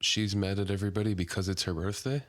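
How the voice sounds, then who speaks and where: A man's voice: low voice, little pitch movement, fast, a bit bright. A man co-hosting a podcast who mostly reacts with short, disbelieving questions and laughter in casual chat. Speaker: podcast co-host.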